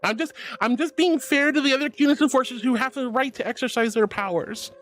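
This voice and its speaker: A woman VTuber streamer with a high-sitting voice talks fast over soft background music, casually chatting with viewers and reading their messages. She's playful and melodramatic and giggles often.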